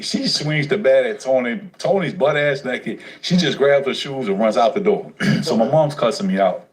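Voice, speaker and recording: A man telling his life story on a casual livestream, profane and streetwise, animated as he goes. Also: fairly low pitch, low-quality recording.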